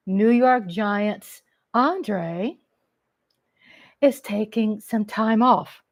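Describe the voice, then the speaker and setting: A woman's voice: mid-range voice, dry recording. A middle-aged woman from Texas with a Texan accent, chatting casually with viewers on a live stream at home and greeting them by name.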